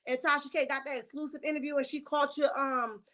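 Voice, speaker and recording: On her casual reality-TV gossip livestream, a woman speaks in a high-pitched, sharp voice with a level tone, a little fast. She's sassy, chatty and emphatic, reading out viewer comments.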